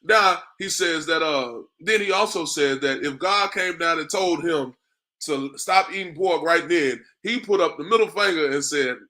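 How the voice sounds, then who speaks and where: Bright-voiced street preacher, repeating himself. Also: male voice, on the high side, normal speed. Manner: repetitive, asks "you understand me?" often; conversational, drops in "man" and "bro". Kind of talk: street sermon to a class.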